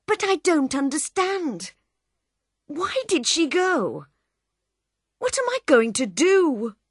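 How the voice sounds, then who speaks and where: A frantic young husband whose wife has vanished from the train, as a woman reader puts him on. His voice climbs high and pleads, with every line drawn out slowly. It sounds close and dry. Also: huge pitch swings, slightly rough, no room sound, exaggerated voice. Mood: upset. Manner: pleading, agitated.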